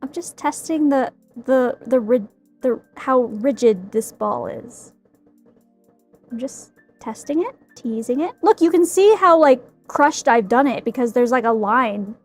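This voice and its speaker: A woman's voice: sits high, expressive, unhurried, faint music behind. A woman streaming casually from an indoor workspace as she works on a craft, laughing often and exclaiming in mock fright. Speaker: streamer making a cosplay prop. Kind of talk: casual live-stream chat.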